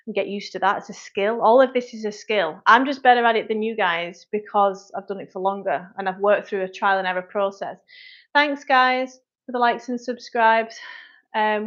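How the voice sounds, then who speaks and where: A woman's voice: medium pitch, fairly bright tone. A woman, a personal trainer answering viewer questions on a live stream in a frank, chatty way. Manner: frank, chatty, quick asides to commenters. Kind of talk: livestream Q&A, reading viewer comments. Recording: dull lo-fi livestream audio.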